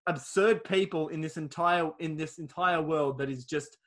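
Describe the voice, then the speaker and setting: Guy, high and bright voice, sweary casual film-recap podcast host. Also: moderate pace. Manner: swears freely, acts out quoted lines.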